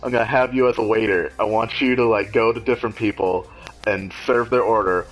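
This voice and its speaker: A man's voice: lowish voice, fairly quick, faint music behind, low-quality recording. A man co-hosting a casual podcast chat, telling stories with lots of laughter and swearing. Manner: animated storyteller, laughs a lot, swears. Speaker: podcast co-host.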